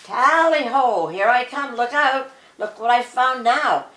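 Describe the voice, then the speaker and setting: An older woman reading aloud, voicing a cheeky, foolish young man who shouts merrily. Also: a little high, lively intonation, a little slow. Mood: boisterous. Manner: shouting, boisterous. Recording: roomy echo.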